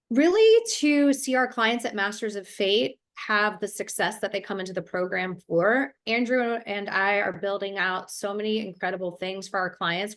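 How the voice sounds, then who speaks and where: This woman, a business coach from Ohio, USA, has a medium-pitched, slightly bright voice. Interviewed over a video call, she tells her story with energy and fluency.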